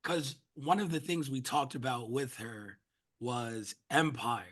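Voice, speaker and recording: A man co-hosting a podcast, relaxed in casual chat and laughing easily. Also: medium pitch, takes it slowly. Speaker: podcast co-host.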